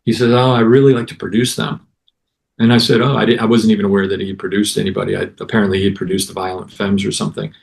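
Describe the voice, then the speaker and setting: A man, a guest musician, casually telling an animated anecdote and acting out other people's lines. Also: lowish voice, fast, vocal fry. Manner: animated anecdote with acted-out quotes. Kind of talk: casual storytelling.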